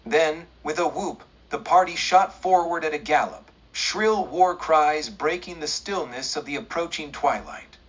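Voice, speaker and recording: A man reading a western audiobook aloud in a steady, measured storytelling way. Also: a little high, husky, highs cut off. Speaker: audiobook narrator.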